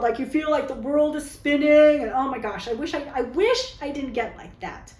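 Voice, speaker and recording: Telling one of her dating stories to camera, this woman vlogger is open, dramatic and talkative, frequently tacking "okay?" onto what she says. She speaks high at a moderate pace with hardly any pauses. The recording is rough and reverberant.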